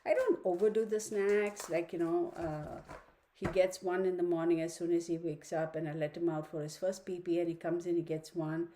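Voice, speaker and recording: A woman's voice: lowish voice, steady tone, normal speed, warm tone, slight background noise. Chatty woman reading tarot at home. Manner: chatty, opinionated, talks to viewers and her dog. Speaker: tarot reader. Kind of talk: casual online tarot reading. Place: home study room.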